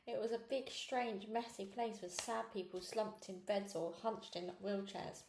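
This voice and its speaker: A woman reading a children's novel aloud in steady, clear narration. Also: mid-range voice, unhurried, reverberant, slight background noise. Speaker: storybook reader.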